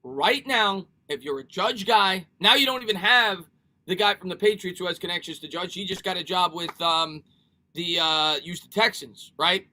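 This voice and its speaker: A man's voice: high voice, normal speed, pushed and bright. A man hosting a casual live sports stream, talking energetically, repeating himself and reading viewer comments aloud.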